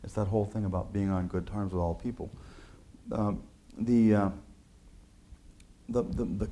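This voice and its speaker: Guy, lowish voice, earnest, lots of um and restarts, talking about his book. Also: dark tone. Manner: earnest, many restarts and filler words. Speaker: author discussing his book. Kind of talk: conversational talk.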